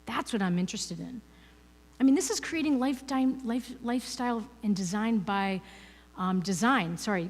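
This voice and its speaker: Woman speaking in a reverberant hall. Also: mid-range voice. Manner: chatty, peppered with "you know" and "right?". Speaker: guest speaker at a spiritual ministry. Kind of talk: conversational inspirational talk. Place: ministry service hall, indoors.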